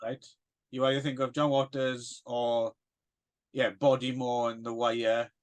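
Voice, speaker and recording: A man's voice: mid-range voice, flat delivery, a little slow. A man co-hosting a casual film podcast, rambling and hesitant with plenty of fillers and self-deprecating asides. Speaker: podcast co-host.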